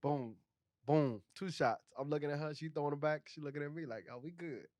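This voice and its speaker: A man co-hosting a podcast, telling a story in casual, animated chat, laughing often and swearing freely. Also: on the high side, a little fast, no room sound. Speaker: podcast co-host.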